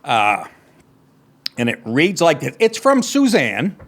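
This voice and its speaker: A man hosting a comedy podcast, ranting in a profane, sarcastic, exasperated way, swinging between loud outbursts and muttered asides. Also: a little high, wildly swooping pitch, takes it slowly.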